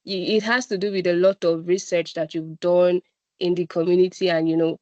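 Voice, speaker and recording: A woman with a Nigerian accent, guest speaking at a data analytics boot camp, gives an encouraging presentation, often checking in with "right?" and "I'm telling you". Her voice is on the low side, dark and level, at normal speed, in a dry, muffled recording.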